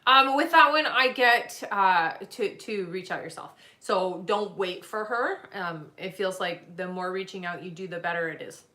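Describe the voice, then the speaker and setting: A woman giving live psychic readings, answering gently and reassuringly with many pauses and fillers. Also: medium pitch, echoey room. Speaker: psychic reader.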